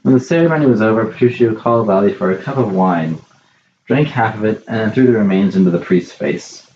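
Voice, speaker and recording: A man narrating a classic story in a measured, plain reading. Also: lowish voice, animated, a little mellow, echoey room, dull audio, a little hiss or hum.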